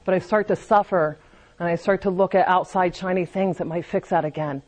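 A woman's voice: lowish voice, fairly even intonation, fairly quick, a little mellow. A woman speaking candidly at a recovery meeting, giving a confessional personal testimony and often restarting her sentences.

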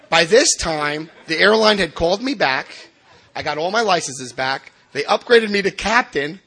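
A man from New Jersey shares his personal recovery story with a meeting. He tells it in an animated, self-mocking way, full of restarts. His voice is bright and forceful. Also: fairly high pitch, slightly rough. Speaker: recovering alcoholic speaker.

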